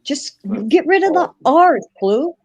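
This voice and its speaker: A woman's voice: very high-pitched, animated, slow pace, lo-fi sound. A woman from Maine with a Maine accent, casually chatting on a livestream panel, joking and teasing as she tells a story. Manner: laughing, teasing, plays up her accent.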